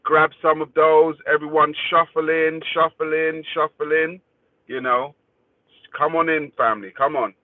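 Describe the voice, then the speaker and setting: Guy chatting on his livestream, bit high voice, dry thin phone-like sound, swears a lot. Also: steady tone, unhurried, dry recording. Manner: laid-back, greets viewers by name, swears freely. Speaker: livestream host. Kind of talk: casual livestream chat reading comments.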